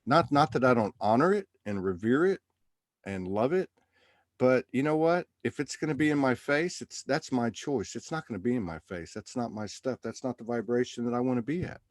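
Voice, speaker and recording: A man's voice: medium pitch, expressive, brisk, no room sound. A man hosting a live show, chatting loosely and rambling through his thoughts. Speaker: livestream host. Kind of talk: casual spiritual chat.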